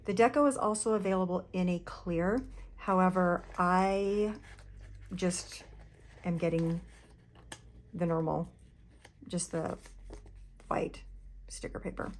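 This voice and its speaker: A woman's voice: fairly low pitch, slow, long pauses. A woman talking casually to her viewers while showing a sticker haul, chatty and gushing with lots of fillers. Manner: chatty, gushing, addresses viewers as "you guys". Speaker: planner vlogger.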